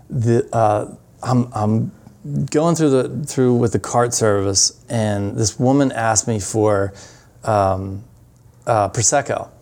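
A man as a podcast guest, animated and rambling as he tells stories in casual chat. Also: on the low side. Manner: animated, rambling with fillers and restarts.

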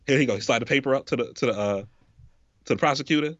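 A man co-hosting a casual podcast, talking in an animated, profane way and acting out scenes in quoted voices. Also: medium pitch, very fast, no room sound, muffled recording. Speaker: podcast co-host. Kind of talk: casual chat.

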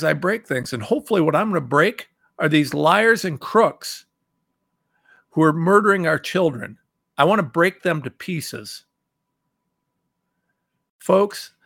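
A middle-aged male talk show host, delivering angry political commentary. His voice is gravelly and bright, with a dry, close recording, and he swings from loud outbursts to low muttering. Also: no room sound. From Ohio.

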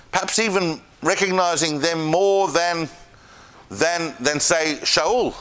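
A man teaching a Bible class to a live audience, telling the story in an animated, chatty way with asides. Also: a little high. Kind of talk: lively lecture to a live class.

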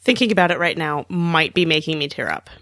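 A woman co-hosting a podcast, making measured, thoughtful remarks in casual chat. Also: deep voice, expressive, a bit bright, no echo, studio quality. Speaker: podcast co-host.

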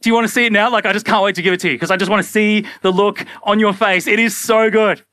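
A young man preaching a sermon in a casual, animated way, often acting out little everyday scenes. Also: sits high, fast, no room sound. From Australia. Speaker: pastor.

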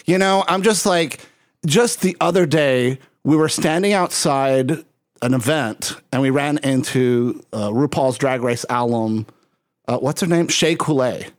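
A man's voice: mid-range voice, measured pace, dry recording, studio quality. A man hosting a casual podcast chat, telling rambling stories. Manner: rambling, storytelling. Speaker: podcast host.

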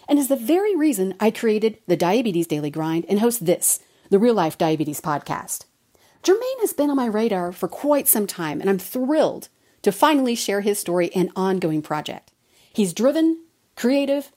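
A woman's voice: mid-range voice, mellow. A woman hosting a podcast interview, talking in an upbeat, chatty way. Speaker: podcast host. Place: new recording setting with animals around.

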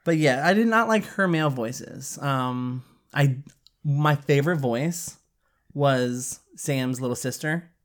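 A woman with an unusually deep, low voice, chatting casually about an audiobook with a friend. She is blunt with her opinions and laughs easily. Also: takes it slowly. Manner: giggly, blunt, playful. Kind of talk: casual book review chat.

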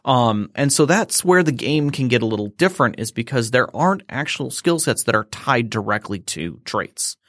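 A man's voice: medium pitch, lively intonation, moderate pace, hardly any pauses, fairly bright tone, dry recording, studio quality. A man explaining a tabletop game system in casual chat, rambling with fillers and restarts.

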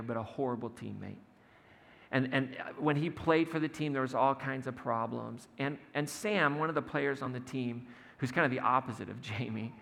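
Gravelly man preaching in a reverberant hall. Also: medium pitch, fairly bright tone. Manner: storytelling, acts out quotes with humor. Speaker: pastor. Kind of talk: conversational sermon.

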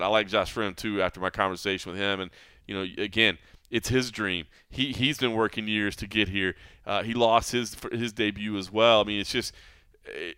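A man's voice: on the low side, pushed and bright, smooth, no room sound. A man hosting a podcast about mixed martial arts, talking in an earnest, reflective way, often saying "man" and "you know". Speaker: podcast host. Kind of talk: casual podcast chat.

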